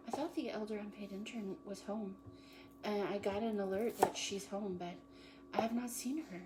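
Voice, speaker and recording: A woman's voice: mid-range voice, fairly even intonation, moderate pace. Playful woman hosting a cooking show. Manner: playful, jokey, self-praising with puns. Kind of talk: casual live cooking chat. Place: home kitchen. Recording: kitchen noise with chopping and clicks.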